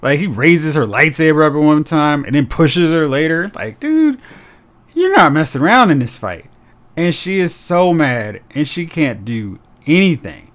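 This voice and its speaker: A man hosting a casual podcast chat, talking animatedly and acting out character lines in quick impressions. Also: fairly high pitch. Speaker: podcast host.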